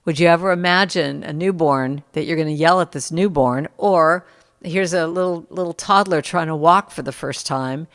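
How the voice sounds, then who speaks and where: A middle-aged woman in a casual conversation, telling stories and acting out what people said in lively bursts. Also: deep voice, normal speed, in a large hall. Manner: animated storyteller, acts out quotes. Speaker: musician guest.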